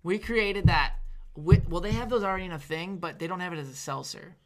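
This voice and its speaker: A man's voice: sits high, fast talker. A man co-hosting a casual talk show, ranting and mock-scolding with lots of swearing. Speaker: podcast co-host. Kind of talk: casual chat.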